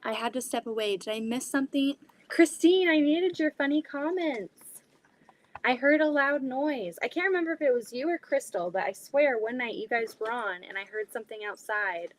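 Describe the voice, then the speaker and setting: The quilting livestream host is a young woman with a high voice, speaking at a moderate pace as she chats casually from her basement sewing room, full of fillers and giggles. The recording quality is low.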